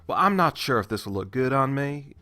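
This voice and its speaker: A man voicing a rude, demanding female shopper in a put-on Southern accent, loud and pushy. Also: mid-range voice, big pitch swings, brisk, soft background music. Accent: fake Southern US. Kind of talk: narration with voices.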